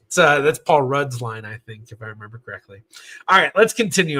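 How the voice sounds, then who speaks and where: A young man hosts a genealogy livestream in a loose, chatty way. He wanders through his thoughts with plenty of fillers and quick self-corrections, often laughing at himself. His voice is bright and forward at an average pitch. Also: animated. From Southern California. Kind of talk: casual livestream chat answering viewer questions.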